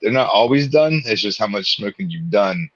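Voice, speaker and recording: A man's voice: lowish voice, lively intonation, moderate pace, a bit bright, no room sound. A man co-hosting a live stream, laid-back in his chat, laughing often and swearing casually. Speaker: co-host of a live watch party stream. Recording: dull, muffled stream audio.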